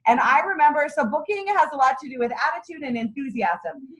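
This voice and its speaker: Upbeat fairly high-voiced woman leading a sales meeting. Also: lively intonation, a little fast, fairly bright tone, poor audio. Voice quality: enthusiastic, folksy, chatty. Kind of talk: motivational training talk.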